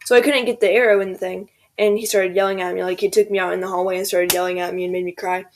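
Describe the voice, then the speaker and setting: A woman's voice: fairly low pitch, level tone, quick pace, slight background noise. A teenage girl rambling casually through a storytime over gameplay, full of "like" and "um", quoting people as she goes. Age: teens. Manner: rambling, filler-heavy, quotes people in voices. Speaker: gaming video creator.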